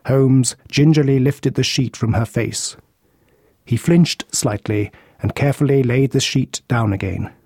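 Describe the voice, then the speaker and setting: A man reading a detective story aloud in a steady, even narration. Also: mid-range voice, measured pace, no echo, studio quality.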